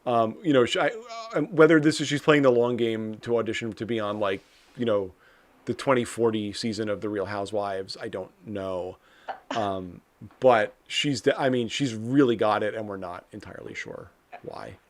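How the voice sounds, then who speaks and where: A man's voice: on the low side, moderate pace. A man in his thirties with a New Jersey accent, co-hosting a coding livestream in a wry, rambling, self-deprecating way. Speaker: co-host. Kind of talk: livestream chat and teaching.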